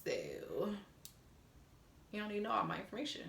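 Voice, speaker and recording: A woman's voice: medium pitch, wildly swooping pitch, moderate pace, creaky, fairly bright tone, a little hiss or hum. A young woman vlogger telling a story casually, blunt and frank, swearing freely and mimicking the texts she got. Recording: roomy echo.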